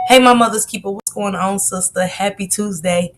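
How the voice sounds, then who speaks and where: A woman's voice: medium pitch, normal speed, few pauses, slight background noise. A woman hosting a casual livestream while sick with a cold, greeting her viewers by name in sisterly chatter. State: sick with a cold, coughing and sneezing. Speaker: livestream host.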